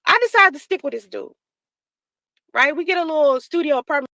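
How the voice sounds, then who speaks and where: A woman's voice: high-pitched, expressive, fairly quick, sharp tone, no room sound, rough recording. A woman telling a personal story in a casual, profane way, acting out the dialogue she quotes. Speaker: storyteller in a played clip.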